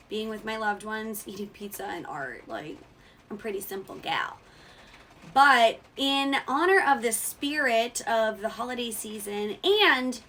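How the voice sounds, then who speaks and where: A woman's voice: bright, forceful tone, slight background noise. A woman hosting her own show in sassy, mock-outraged comedic commentary, swearing freely, her voice cracking when it rises. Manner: voice cracks when going high. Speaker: show host.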